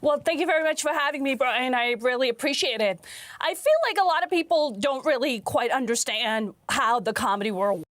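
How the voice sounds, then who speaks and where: A woman comedian giving a live TV interview, speaking haltingly as if near tears. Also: high voice, lively intonation, a bit bright, dry recording. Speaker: comedian guest on a news show.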